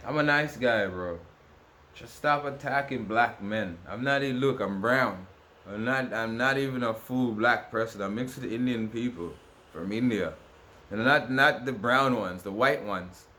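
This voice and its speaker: A man's voice: medium pitch, measured pace, sharp tone, a little hiss or hum. Man ranting in a rambling monologue. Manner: rambling and repetitive, with many restarts; ranting, aggrieved. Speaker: vlogger. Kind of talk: casual monologue to camera.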